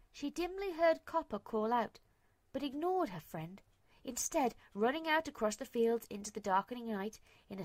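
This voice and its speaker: Woman reading a sad story, emotive, sometimes going to a whisper, kinda high voice, dry close sound. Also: dry recording. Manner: emotive, dropping to hushed whispers. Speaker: narrator.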